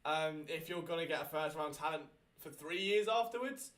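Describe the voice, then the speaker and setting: A man with a British accent hosting a live sports draft watchalong, chatty and excitable, often correcting himself mid-thought. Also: fairly high pitch, normal speed. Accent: British English. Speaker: host.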